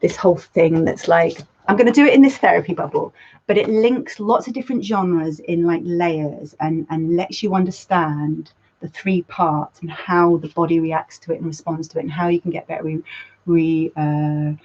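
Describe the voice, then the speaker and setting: Woman, counsellor hosting a chat, loose and self-correcting, a little low, dull lo-fi audio. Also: fairly even intonation, normal speed, a little mellow. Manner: rambling, self-correcting, laughs at herself, swears casually. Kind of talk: casual talk. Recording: dull lo-fi sound.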